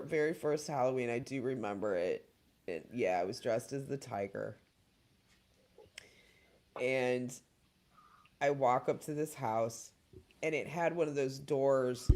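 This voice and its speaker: A talk show host in their forties telling childhood stories in casual chat, laughing often as they go. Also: medium pitch. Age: 40s. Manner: animated storyteller, laughing often.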